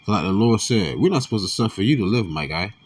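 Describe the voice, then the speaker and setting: A man giving casual religious commentary, reading scripture aloud with slang and quiet muttered asides. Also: on the low side, lively intonation, quick pace.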